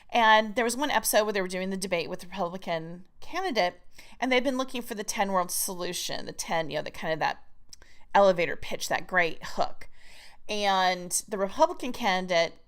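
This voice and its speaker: A woman teaching a recorded writing course in an emphatic, chatty manner. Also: medium pitch. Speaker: writing coach.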